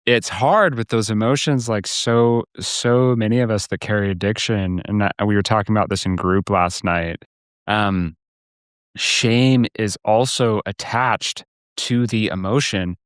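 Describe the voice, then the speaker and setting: A man's voice: lowish voice, fairly even intonation, measured pace, clear, resonant tone, no room sound, studio quality. A man hosting a recovery podcast, reflective and affirming as he talks about his own struggles. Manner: reflective and affirming, frequent agreement sounds. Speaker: podcast host, recovery coach. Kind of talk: casual podcast conversation.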